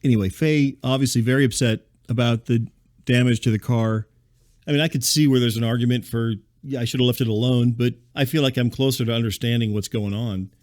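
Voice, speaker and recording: A man hosting a comedy podcast, telling a rambling story in a deadpan, conversational way. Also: medium pitch, fairly quick, no echo, clean studio sound. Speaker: podcast host and narrator. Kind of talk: comedic monologue.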